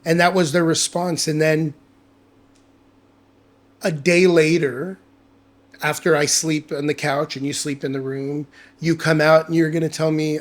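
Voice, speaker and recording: A man guest on a podcast, telling a personal story in casual chat, candid and animated, swearing freely and acting out the dialogue he quotes. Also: a little high, measured pace, long pauses.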